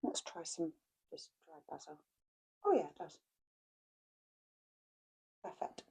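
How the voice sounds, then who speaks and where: A woman's voice: low voice, very animated, slow, creaky, background noise. A woman chatting casually as she cooks at home for her vlog. She is homely and laughs often. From England. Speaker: vlogger. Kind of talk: casual chat while cooking.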